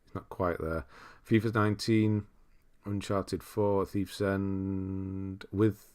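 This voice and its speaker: A man's voice: deep voice, slow pace, clean tone. A man hosting a live stream, chatting casually and reading viewers' messages aloud with frequent laughs. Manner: relaxed, rambling, reads chat aloud with frequent laughs. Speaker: streamer host.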